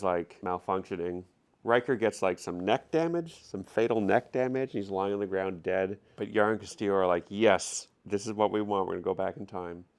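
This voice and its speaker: A man's voice: sits low, clean tone. A man casually retelling a story for laughs, flippant and slangy, laughing often and loosely voicing the characters he quotes. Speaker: storyteller recapping an episode.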